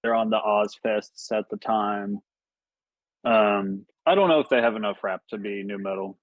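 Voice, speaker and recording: A man's voice: lowish voice, moderate pace, no room sound, lo-fi sound. A man talking loosely on a podcast, full of fillers and casual swearing. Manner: laid-back, swears freely, many fillers. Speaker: podcast guest. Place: podcast studio.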